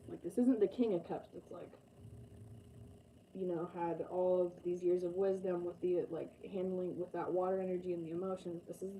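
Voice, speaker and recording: Woman, tarot reader, very mellow dark tone, rambling casual talk, fillers, faint background noise. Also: lowish voice, steady tone, normal speed, rough recording.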